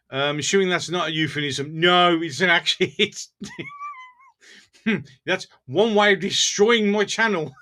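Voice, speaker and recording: Chatty Black Country man hosting a live stream, bright voice pitched a little high, jokey and laughing a lot. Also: slow pace, pauses often. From English Black Country. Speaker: livestream host. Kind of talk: casual live chat reading comments.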